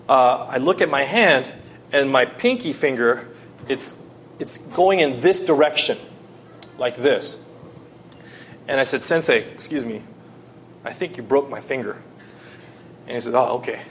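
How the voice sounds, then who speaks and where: A man preaching a sermon, telling a personal story and swinging between loud pleading and hushed tones. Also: mid-range voice, a little hiss or hum.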